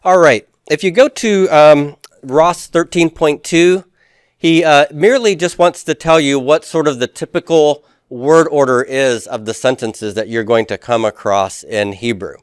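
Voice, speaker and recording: A man's voice: on the high side, unhurried, clear, resonant tone, dry recording, clean studio sound. A male teacher, giving a patient classroom lecture and leading his students through call-and-response drills.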